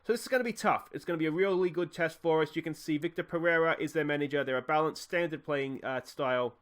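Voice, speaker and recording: A man casually commentating his football management game, cheering goals loudly and thinking aloud about tactics. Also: fairly high pitch, fast talker. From Australia. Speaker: gaming YouTuber playing a football management game.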